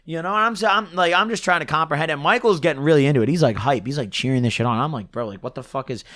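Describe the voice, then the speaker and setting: A young man with a slightly high voice rambles through a story, dropping slang and filler at every turn. His throat sounds a little scratchy. The sound is dry and close, with no room around it. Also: rapid-fire, fairly bright tone, no echo. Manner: slangy, rambling, says "dude" constantly. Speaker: storyteller vlogger. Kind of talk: casual storytelling.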